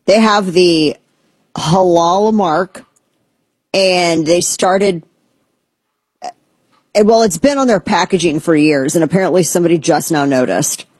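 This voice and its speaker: A woman's voice: fairly low pitch, takes it slowly, long pauses, a little mellow, breathy edge, no room sound. A woman hosting a talk show, giving blunt, sarcastic, rambling commentary. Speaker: podcast host. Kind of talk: opinionated casual commentary.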